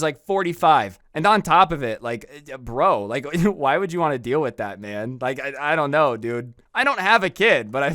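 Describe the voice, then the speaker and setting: Young male vlogger, bright crisp voice, slangy storytime delivery, dry close mic. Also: mid-range voice, no echo. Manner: chatty, animated, slangy, acts out quoted voices. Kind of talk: casual storytelling.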